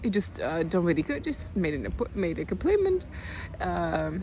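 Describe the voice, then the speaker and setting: This is a young woman in her twenties, Dutch-accented, confiding in a personal video diary. Her words come haltingly, full of pauses and fresh starts, in a low-key, calm voice that often trembles toward tears. Some slight background noise is audible.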